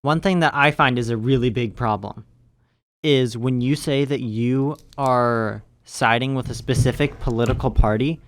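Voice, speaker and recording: A young man on a podcast, calmly and steadily explaining his opinion in casual chat. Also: mid-range voice, dry recording. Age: young adult. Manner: measured, explaining his view. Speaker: podcast co-host.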